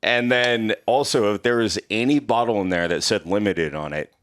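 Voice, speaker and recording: A man's voice: fairly low pitch, normal speed, fairly bright tone. A man telling a story as a podcast guest, rambling and full of swearing. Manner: profane, rambling, heavy on filler like. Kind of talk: casual storytelling.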